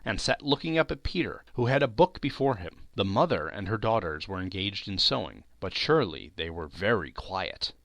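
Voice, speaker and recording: A man reading a classic novel aloud as an audiobook narrator, expressive and shifting his voice for the characters in quotes. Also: medium pitch, dry recording. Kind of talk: scripted narration.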